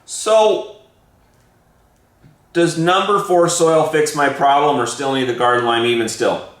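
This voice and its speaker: A man's voice: fairly high pitch, steady tone, measured pace. A man hosting a casual gardening show, chatty and joking, asking his guest follow-up questions. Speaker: show host. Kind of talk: casual podcast chat. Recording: echoey room.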